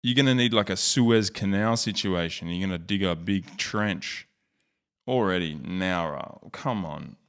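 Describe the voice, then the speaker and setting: Australian male vlogger, low voice, jokey, self-mocking, off-the-cuff commentary. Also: unhurried, a bit bright, smooth. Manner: joking, rambling, self-mocking. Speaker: YouTube host. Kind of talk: casual screen-share commentary.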